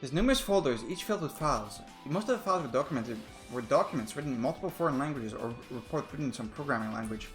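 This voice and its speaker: A man's voice: medium pitch, animated, fast, hardly any pauses, a bit bright, faint music behind. A man playing a story game who reads its dialogue aloud in a plain voice and drops blunt asides of his own. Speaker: let's player.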